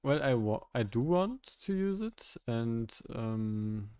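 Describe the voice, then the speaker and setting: A young man streaming while coding, chatting casually with his viewers and thinking aloud in a halting way with frequent laughs. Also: medium pitch, expressive, warm tone, clear, resonant tone, no room sound, studio quality.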